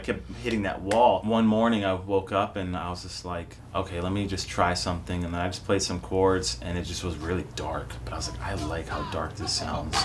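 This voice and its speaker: A young man, a musician, telling the story of a song in a relaxed, reflective documentary interview. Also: sits low, a little hiss or hum. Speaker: independent musician. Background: faint music.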